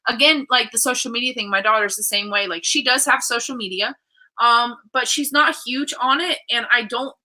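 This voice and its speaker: Bright, upbeat woman host in her 30s. Animated storyteller who acts out the people she quotes. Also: a little high, moderate pace, poor audio. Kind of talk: casual interview chat.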